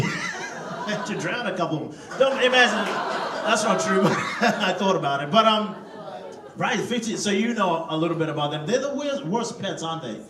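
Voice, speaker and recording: A stand-up comedian from Africa, loose and profane, chatting with the crowd in a comedy club. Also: male voice, high-pitched, sing-song, measured pace, pauses often, heavy background noise. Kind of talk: stand-up routine. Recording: roomy hall, distant mic, crowd laughter. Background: audience laughter.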